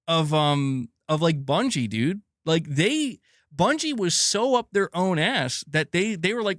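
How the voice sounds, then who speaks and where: A fairly high-voiced man rants about the gaming industry in a loose, profane, rambling way, stumbling over restarts and breaking into laughter. He mocks the people he talks about in put-on voices. The sound is dry and close, with no room echo. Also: lively intonation, unhurried, a bit bright. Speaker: gaming news host. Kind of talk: casual opinion rant.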